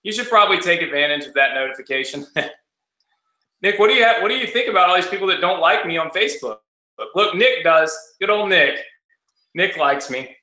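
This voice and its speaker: A man hosting a live online cash giveaway, talking fast in a rapid-fire, auctioneer-like way. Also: high voice, animated, bright, forceful tone. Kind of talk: live-streamed webinar talk. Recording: roomy echo.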